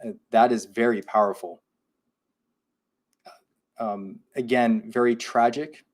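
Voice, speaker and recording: A man co-hosting a live paranormal podcast in a relaxed, chatty way. He reads out listener messages and answers them in an even, everyday voice. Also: mid-range voice, slow, pauses often. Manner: reads listener comments aloud and reacts. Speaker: podcast co-host. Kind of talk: casual live podcast chat.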